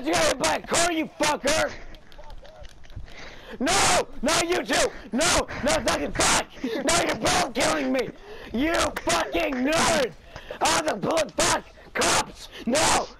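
Hoarse man gamer, shrill and gravelly, screaming over loud background noise. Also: lively intonation, measured pace. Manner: screaming, swearing, frantic outbursts. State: strained hoarse throat from yelling. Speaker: gamer playing online with friends. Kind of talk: loud gameplay party chat.

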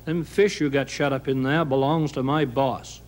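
A man's voice: medium pitch, steady tone, moderate pace, close to an everyday voice. A man voicing a surly, bossy old sea serpent.

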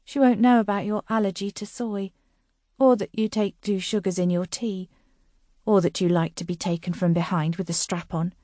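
Woman doing an uptight british bookshop lady, sarcastic and clipped, mid pitch, dry sound. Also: fairly even intonation, normal speed, dark tone, no echo, lightly acted. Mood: cool, cutting. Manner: clipped, cutting, dryly sarcastic.

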